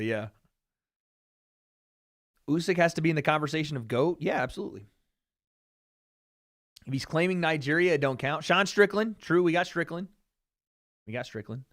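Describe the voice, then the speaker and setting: A man from Tennessee hosting a fight watch party stream, answering viewer questions in slangy, casual talk and cheering loudly when the action heats up. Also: fairly high pitch. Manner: laid-back and slangy, swearing, gets loud cheering the fight. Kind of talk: casual livestream chat, reading viewer questions.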